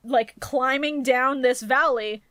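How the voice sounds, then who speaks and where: A woman with a high voice chats on a podcast and tells an anime plot with swearing and jokes. The sound is close and dry, with no room around her. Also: slow pace, dry recording. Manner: profane, joking, animated storytelling. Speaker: podcast co-host. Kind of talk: casual chat recapping an anime.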